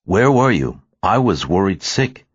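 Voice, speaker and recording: A man's voice: sits low, very animated, unhurried, breathy edge, no room sound, pitched above the performer's own voice, full character voice. A man voicing an eager, insistent man in love who pleads and presses, in a dry, slightly muffled studio recording.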